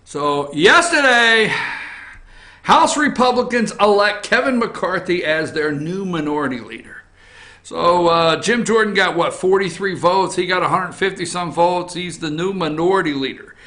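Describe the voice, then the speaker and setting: A man hosting an opinion show from an office, animated, jumping between loud outbursts and muttered asides. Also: sits high, a little slow. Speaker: host. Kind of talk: opinion commentary on news and politics.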